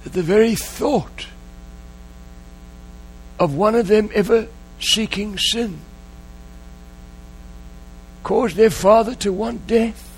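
A man's voice: high voice, slow pace, long pauses, a little hiss or hum. A man preaching a sermon, telling a story in an emotional way and repeating key phrases. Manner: emotional, repetitive, dwells on phrases.

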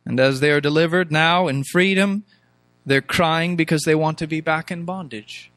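A man's voice: fairly high pitch, normal speed, fairly bright tone, no echo. A man preaching a sermon, reading scripture aloud and mimicking complaining voices, with emphatic rhetorical questions.

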